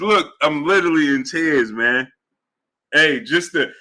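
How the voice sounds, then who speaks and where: A young man hosts a loose sports chat stream in a slightly raised, bright voice. He talks in casual slang, circles back over his own points and keeps cracking himself up. His delivery is animated and chatty. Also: fairly high pitch, measured pace. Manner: animated, laughs a lot, slangy, repeats himself. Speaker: sports show host.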